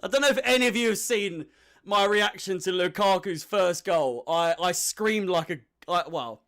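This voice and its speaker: A young man hosting a live football watch-along, chatting with viewers and getting excitable at chances. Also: sits high, moderate pace. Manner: excitable, shouts and laughs at chances. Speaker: fan watch-along host.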